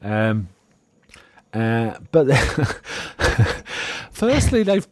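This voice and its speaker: Guy rambling through an episode recap, amused, keeps trailing off, mid pitch, dry sound. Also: very animated, extremely slow, no room sound. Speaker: podcast co-host. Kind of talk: casual chat recapping a TV episode.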